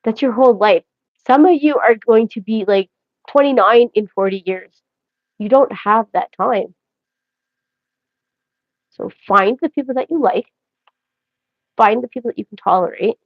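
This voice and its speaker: A woman's voice: on the high side, unhurried, long pauses, no room sound. A woman hosting a casual livestream, rambling and joking as she talks straight to her viewers. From Canada. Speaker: livestream host. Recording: dry, dull lo-fi audio.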